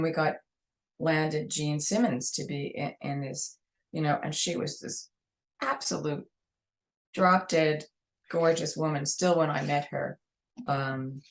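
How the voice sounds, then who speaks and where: A woman with a New York accent, a guest telling long, rambling anecdotes in a casual interview. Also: low voice.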